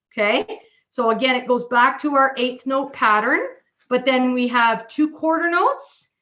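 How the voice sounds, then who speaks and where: A woman with a bright, somewhat high voice leads a drumming lesson. She explains each rhythm patiently and counts it out aloud. The recording sounds dull and lo-fi. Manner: patient, explanatory, checks in with "okay?". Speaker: bass drum instructor.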